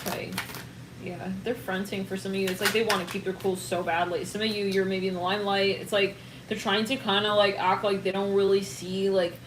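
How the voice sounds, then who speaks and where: A woman giving a casual, excitable tarot reading to her viewers, rambling and trailing off and laughing often. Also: medium pitch, brisk, roomy sound, noisy background. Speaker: tarot reader.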